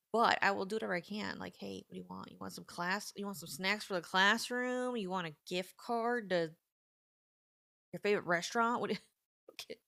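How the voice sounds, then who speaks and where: A woman in her thirties talks on a casual live stream in a lower, gravelly voice with a lot of fry. Her delivery is animated and indignant, full of "like"s, and her pitch swings widely. The sound is close and dry, with almost no room echo. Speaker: livestream host.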